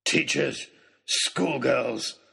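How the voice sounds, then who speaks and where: A brutish, murderous baronet with a gravelly, rasping snarl, put on by a male reader. He speaks slowly and with heavy menace, and his voice is harsh and sharp-edged. The storybook villain sounds deep in fry and very rough. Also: full character voice. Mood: menacing. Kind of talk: storybook character reading.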